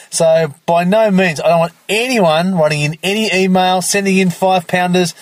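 Male podcast host, crude, rambling and mocking, fairly high pitch, dry recording from a parked car. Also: no room sound. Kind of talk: casual solo podcast monologue. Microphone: self-recorded in the car.

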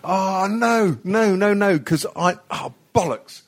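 A man with a high-sitting voice hosts a podcast, talking slowly in casual chat. He rambles and swears freely with self-mocking humour, and there's no echo.

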